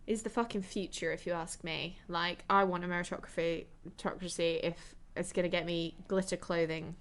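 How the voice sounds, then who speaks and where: A woman's voice: medium pitch, a bit bright. A woman co-hosting a film podcast, chatting casually and with animation, full of "like" and "sort of", with some swearing. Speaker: podcast co-host. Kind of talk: casual film review chat.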